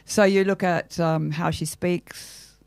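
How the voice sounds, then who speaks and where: An older Australian actress with a gravelly, crackly edge to her voice. She talks in a thoughtful, theatrical way, asking herself questions as she works through ideas. The sound is dry and close, with no room around it. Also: on the low side, steady tone, takes it slowly, a little mellow, no room sound. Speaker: actress, interview guest. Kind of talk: reflective interview talk.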